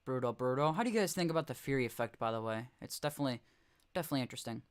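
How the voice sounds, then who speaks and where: Young male streamer, casual off-the-cuff commentary, rambling and self-correcting, average pitch. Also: expressive, rapid-fire.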